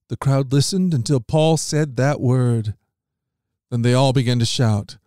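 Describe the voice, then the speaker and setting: Steady male scripture reader, dry and close. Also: mid-range voice, no echo. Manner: measured, steady reading with lifts on quoted lines. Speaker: podcast host reading scripture. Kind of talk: scripted Bible reading.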